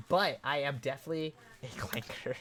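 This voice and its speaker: A young man hosting a casual live stream, chatting excitedly with viewers, swearing and laughing as he reacts to chat. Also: medium pitch, normal speed. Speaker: livestream host.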